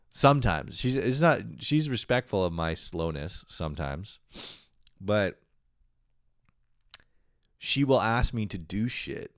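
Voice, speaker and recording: A man's voice: on the low side, expressive, slow pace, pauses often, dry recording, clean studio sound. A young man telling a comedic story in a casual monologue, swearing often and breaking into exasperated yelps. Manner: frequent swearing. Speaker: host.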